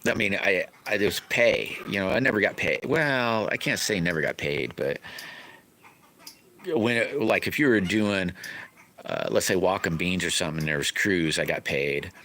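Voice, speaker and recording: A man's voice: sits low, lively intonation, normal speed, sharp tone, a little hiss or hum. A middle-aged man, telling rambling, folksy stories in a casual live stream chat.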